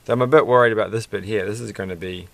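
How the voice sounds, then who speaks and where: A man's voice: lowish voice, rapid-fire, gravelly. A man chatting casually while building a Lego set, rambling and musing with a self-deprecating manner.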